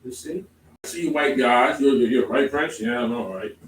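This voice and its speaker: A man preaching a sermon to a congregation, emphatic, moving from calm explaining to loud exclamations. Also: mid-range voice, brisk, noisy background. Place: congregation hall. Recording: echoey room, from far off.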